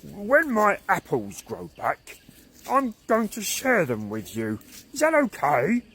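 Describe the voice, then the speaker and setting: A man voicing a grumpy, hot-tempered caveman who shouts and yelps. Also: sits high, very animated, slow, gravelly, slightly rough, voice pushed up, exaggerated voice. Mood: sheepish. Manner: shouting and yelping.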